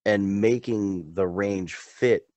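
A man's voice: on the low side, slow pace, a little mellow, no echo. A man co-hosting a podcast, chatting casually in a rambling, laid-back way with small chuckles. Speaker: podcast co-host. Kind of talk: casual chat.

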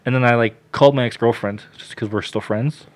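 A man on a casual podcast, telling a story with lots of swearing and loud acted-out quotes. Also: mid-range voice, steady tone, a little fast.

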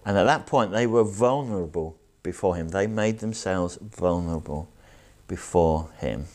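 A man preaching a sermon and reading scripture aloud, earnest and reflective, slowing down to stress key words. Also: sits low, darkish tone. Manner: earnest, reflective, slows down for emphasis.

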